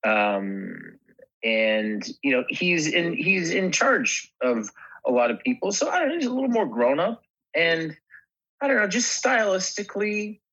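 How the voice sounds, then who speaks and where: A man's voice: on the high side, big pitch swings, unhurried, a bit bright, husky. A man, a guest actor in a casual podcast chat, talking through his work in a hesitant way with many restarted phrases. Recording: slightly muffled, dull sound.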